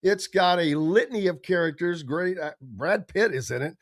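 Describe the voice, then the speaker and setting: Hosting a sports radio show, a man chats casually and animatedly, breaking into voices and impressions as he talks. His voice sits high and moves at a moderate pace, with clean studio sound and no room echo.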